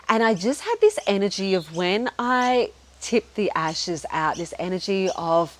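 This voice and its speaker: A middle-aged woman hosting a podcast shares a personal story in a chatty, candid way, peppered with "like" and "you know" and the occasional swear word. Her mid-range voice is very animated but a touch slow.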